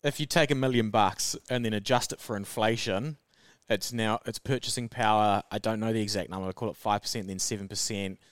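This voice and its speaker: Man, New Zealand accent, podcast co-host, explains finance plainly, smooth resonant voice, dry sound. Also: on the low side, fairly even intonation, no room sound. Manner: explains finance terms plainly, quick to laugh along. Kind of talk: casual chat.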